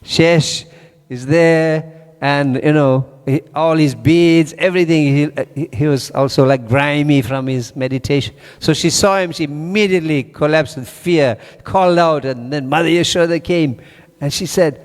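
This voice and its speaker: A man with a slightly high voice leads a scripture class at a moderate pace, telling a story animatedly and quizzing his listeners. The recording carries long hall reverb.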